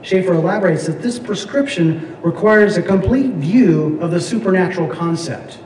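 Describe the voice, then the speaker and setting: A man's voice: high-pitched, a little mellow, slight background noise. A man teaching a Bible class, lecturing and reading scripture aloud, with many fillers and restarts. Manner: halting, frequent fillers and restarts. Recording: echoey room, mic at a distance.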